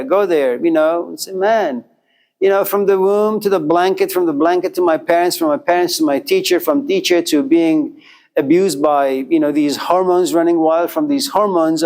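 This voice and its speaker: Guy giving a lecture, tells a story with lots of repeating lines, kinda high voice. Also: darkish tone. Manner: repetitive, rhythmic storytelling with quoted inner voices.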